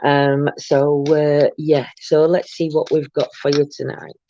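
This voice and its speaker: A woman's voice: low-pitched, little pitch movement, a little slow, mellow, highs cut off, slight background noise. An older woman, tired, chatting casually on a live stream as a tarot reader, greeting viewers by name with many ums.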